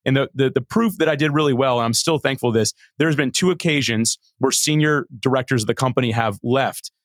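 A middle-aged man, a podcast guest, telling a story in an animated, earnest way with many restarts. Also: mid-range voice, fairly quick, no room sound. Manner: animated, earnest, frequent repeated starts. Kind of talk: conversational storytelling.

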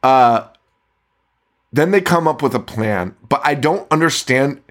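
A man talking on a podcast in an easygoing, rambling way. He curses freely and breaks into laughter as he goes, with a voice of middling pitch. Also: lively intonation, unhurried. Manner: rambling, profane, laughs often. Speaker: podcast co-host. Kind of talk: casual movie-review chat.

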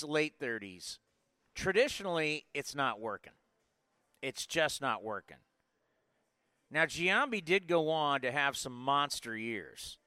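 A man in his forties hosting a live sports talk show, talking in an energetic, rambling way with lots of asides. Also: a little high, clear, resonant tone, dry recording. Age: 40s. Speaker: sports podcast host.

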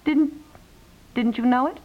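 A high-voiced, fussy young wife and mother, gentle and easily upset. 1950s radio acting on a dull, muffled old broadcast recording. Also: unhurried. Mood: apologetic.

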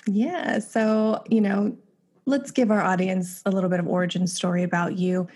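A woman's voice: mid-range voice, fairly even intonation, moderate pace, darkish tone. A woman hosting a podcast, introducing her guest and reading sponsor ads in an upbeat, enthusiastic way. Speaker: podcast host.

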